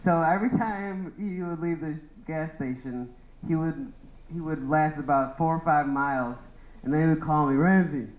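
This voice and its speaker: A man's voice: a little high, moderate pace, echoey room, highs cut off. A young man doing a rambling stand-up roast of his friends, laughing at his own jokes. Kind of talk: open-mic roast set.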